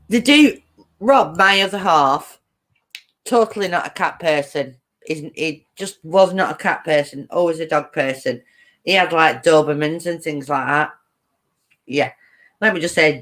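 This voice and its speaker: A woman's voice: sits low, expressive, a little slow, long pauses. A woman hosting a casual live-stream chat, giggling often and greeting viewers as she reads their comments.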